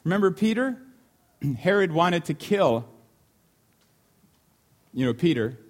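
A man preaching a sermon in an animated way, often repeating key lines for emphasis and acting out voices in the story. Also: on the high side, slow. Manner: animated, acts out the disciples' shouting.

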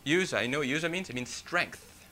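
Bright-voiced male preacher. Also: on the high side, fairly quick. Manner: reads scripture, then preaches with animated emphasis and rhetorical questions; folksy asides, frequent "you know". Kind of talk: sermon with scripture reading.

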